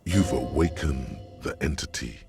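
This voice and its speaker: A solemn video game narrator who speaks from inside the hero's mind. His voice sits extremely low and gravelly with rough fry on every phrase. His delivery is grave and measured, with soft music under it. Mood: ominous. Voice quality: very deep, gravelly.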